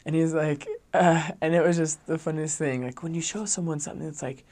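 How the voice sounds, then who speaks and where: A man's voice: on the high side, fairly quick. A young adult man, a returned missionary, telling a story in a casual, chatty way and saying "like" a lot. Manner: chatty, heavy use of "like", animated.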